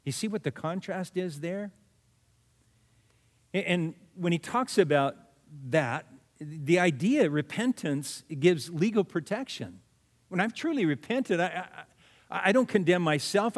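A man's voice: sits high, animated, moderate pace, big-room sound. A man preaching a sermon as pastor, earnest, repeating key words for emphasis. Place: church sanctuary.

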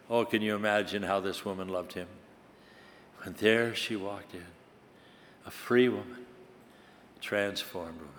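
A man preaching a sermon, dramatic, swinging from loud bursts to hushed tones. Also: fairly low pitch, fairly even intonation, a little slow, long pauses, slight background noise. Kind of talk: sermon with recited poem. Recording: long hall reverb.

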